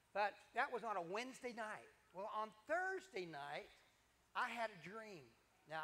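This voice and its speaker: An older man, a preacher telling his testimony in a sermon, animated and full of repetitions and asides to the congregation. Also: sits high. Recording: long hall reverb.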